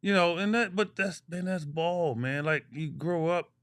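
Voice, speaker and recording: A man in his sixties from Chicago, a former pro basketball player, co-hosting a casual podcast and telling animated stories full of slang and trash talk. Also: a little high, measured pace, clear, resonant tone, no echo, clean studio sound.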